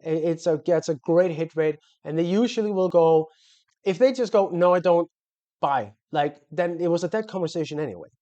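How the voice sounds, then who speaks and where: A man's voice: on the high side, lively intonation, brisk, mellow, muffled recording. A man coaching on sales in a loose, conversational way, full of fillers and self-corrections. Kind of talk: casual instructional talk to camera.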